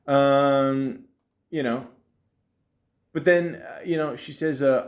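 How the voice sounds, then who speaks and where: A man's voice: mid-range voice, fairly even intonation, takes it slowly, long pauses. A man hosting a casual solo podcast, rambling and sarcastic, full of fillers and restarts as he reads out and mocks scam texts. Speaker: podcast host. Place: home in a city, street sounds outside.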